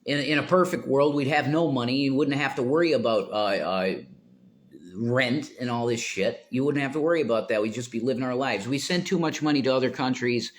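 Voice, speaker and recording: A male streamer holds forth to his chat in an agitated, profane rant. His voice sits at a middling pitch but climbs sharply when he gets heated. He talks straight into a desk mic. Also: brisk. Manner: worked-up, swearing, rising to near shouts. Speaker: live streamer. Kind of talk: ranting live stream chat.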